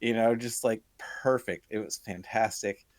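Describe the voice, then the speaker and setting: A man's voice: on the low side, fairly even intonation, normal speed, no room sound. A young man telling a casual, profane story on a podcast, laughing through his punchlines. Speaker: podcast co-host.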